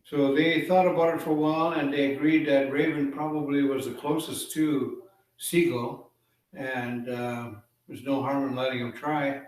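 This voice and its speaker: A man telling a traditional legend aloud in a relaxed, conversational way, with casual fillers. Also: mid-range voice, normal speed. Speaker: storyteller. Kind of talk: oral storytelling of a legend. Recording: echoey room, far from mic.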